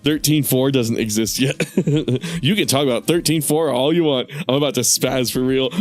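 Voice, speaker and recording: A man chatting loosely on a gaming stream, voice at a medium pitch, rambling between thoughts with plenty of swearing and laughter. Soft music sits low behind him. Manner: rambling, profane, laughs often. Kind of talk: casual gaming stream commentary.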